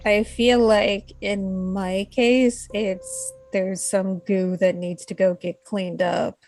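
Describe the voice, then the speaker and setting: A woman's voice: mid-range voice, little pitch movement, takes it slowly, a little mellow, faint music behind. A woman playing a tabletop game in a laid-back, amused way. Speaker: player. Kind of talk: tabletop role-play.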